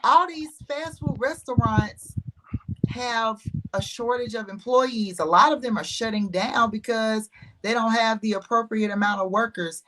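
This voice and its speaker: A woman's voice: on the high side, measured pace, a bit bright, rough recording. A woman co-hosting a casual chat show, chatty and opinionated, often asking questions. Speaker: co-host.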